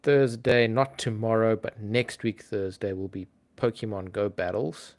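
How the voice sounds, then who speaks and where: A man with a fairly low voice chats casually with his livestream audience. He sounds relaxed and easygoing, often pausing on an um while he thinks. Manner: relaxed, chatty, frequent ums. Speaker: livestream host.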